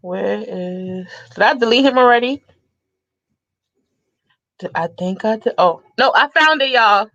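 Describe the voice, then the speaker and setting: Sassy, bright-voiced woman in her thirties. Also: on the high side, unhurried, pauses often, no room sound, highs cut off. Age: 30s. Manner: sassy, animated, laughs often. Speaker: vlogger. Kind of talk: casual storytelling to viewers.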